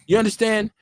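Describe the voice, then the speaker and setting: A man's voice: high voice, slightly rough, no room sound, clean studio sound. A middle-aged man from Milwaukee hosting a casual live-stream talk show, telling street stories with blunt, profane slang. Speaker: radio show host.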